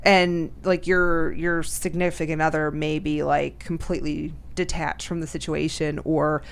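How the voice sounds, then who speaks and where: A woman's voice: deep voice, level tone, a little slow, creaky, clear, resonant tone. A woman co-hosting a podcast in casual chat, talking loosely with lots of "like," frequent laughs and free swearing. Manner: chatty, laughs often, swears freely, heavy use of "like".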